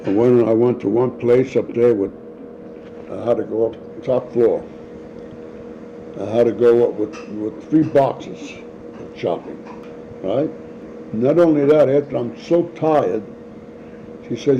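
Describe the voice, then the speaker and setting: Speaking unhurriedly and pausing often, an older man with a medium-pitched voice tells stories as the one being interviewed. He laughs frequently and animatedly performs the voices of the people in his tales, captured in a dull lo-fi home recording with faint noise.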